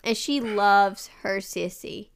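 A woman co-hosting a podcast, chatting casually and telling animated stories about her kids, often laughing. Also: medium pitch, slow, clean tone. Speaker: podcast co-host. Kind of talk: casual chat.

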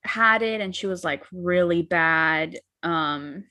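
A woman's voice: lowish voice, takes it slowly, bright, forceful tone. A young woman in casual chat, telling candid, rambling stories with some swearing.

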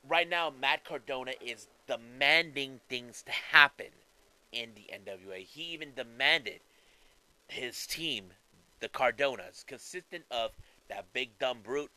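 Animated, bright-voiced man commentating on wrestling. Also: mid-range voice, poor audio. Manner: animated, conversational, fillers and restarts. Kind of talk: casual commentary.

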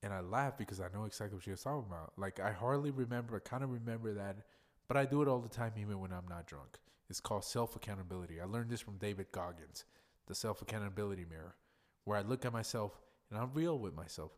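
A man's voice: fairly low pitch, fast. A tipsy man hosting a podcast in a blunt, profane, ranting monologue. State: tipsy from drinking. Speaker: podcast host.

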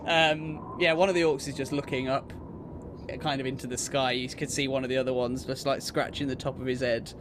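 A man narrating a tabletop game as game master, describing scenes in an unhurried, casual way. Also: medium pitch, little pitch movement, noisy background.

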